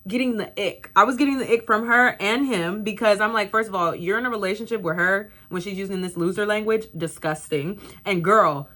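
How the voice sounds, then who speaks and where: A woman's voice: medium pitch, fairly quick, few pauses, sharp tone. A young woman in her twenties vlogging at home to camera, giving a blunt, sassy motivational talk and swearing freely. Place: bedroom at home, indoors. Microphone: camera facing her.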